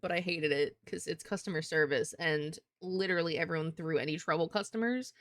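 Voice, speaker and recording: A woman's voice: sits low, fairly quick, no room sound, studio quality. A young woman chatting casually on a livestream, rambling and swearing as she talks with viewers. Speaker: streamer.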